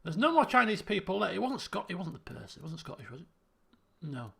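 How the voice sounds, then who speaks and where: A man's voice: high-pitched, sing-song, fast talker, vocal fry, a bit bright, breathy edge. A man streaming a game, thinking aloud in casual commentary and repeating himself as he works things out. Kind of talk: casual let's-play commentary.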